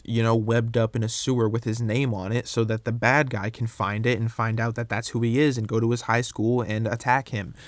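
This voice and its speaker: A young man hosting a solo podcast, rambling through his opinions in a casual, animated way with frequent restarts. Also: medium pitch, no echo. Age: young adult. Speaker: podcast host.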